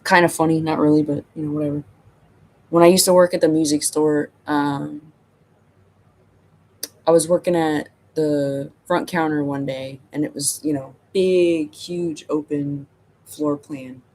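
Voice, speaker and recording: A man's voice: a little high, steady tone, unhurried, darkish tone. A middle-aged man telling a casual story as a channel host, rambling and self-amused, filling his talk with "you know" and "like".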